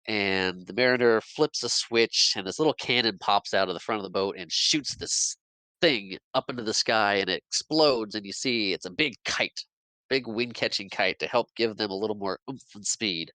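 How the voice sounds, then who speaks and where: A man with a fairly low voice that still sounds bright and punchy recaps a film for a podcast. He talks casually, stumbling and restarting phrases. The sound is close and dry, with no room echo. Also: moderate pace, clear, resonant tone. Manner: retells scenes at length with many restarts and little laughs. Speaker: podcast co-host. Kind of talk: casual movie recap chat.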